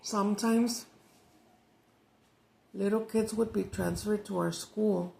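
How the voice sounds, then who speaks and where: Chatty woman, gravelly voice. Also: mid-range voice, fairly even intonation, slow, a little mellow, low-quality recording. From Mexican-American from the United States. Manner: chatty storyteller, switches between English and Spanish. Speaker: mukbang vlogger. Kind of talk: casual chat to camera.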